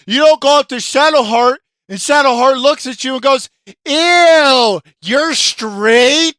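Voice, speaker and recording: A video game commentator in an angry, profane rant, yelling often, with a throat sore from shouting. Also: sits high, brisk, no echo, studio quality.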